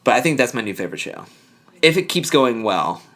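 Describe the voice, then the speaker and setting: A man's voice: mid-range voice, sing-song, fairly quick, fairly bright tone. Rambling man recapping a TV show. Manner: rambling, filler-heavy, acts out quoted lines. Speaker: podcast co-host. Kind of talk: casual chat recapping a TV show.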